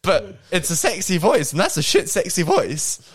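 A man's voice: high-pitched, huge pitch swings, moderate pace, husky. A man co-hosting a podcast in casual chat, joking and laughing often. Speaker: podcast co-host.

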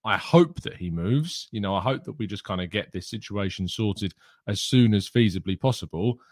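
A man's voice: on the low side, expressive, normal speed, dry recording, studio quality. A man hosting a daily football news show, talking casually with many "uh" fillers and greeting his live chat. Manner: casual, chatty, frequent "uh" fillers. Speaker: host.

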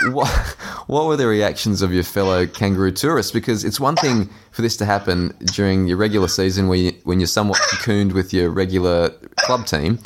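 Deep-voiced young male podcast host. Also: slight background noise. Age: young adult. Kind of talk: interview questions.

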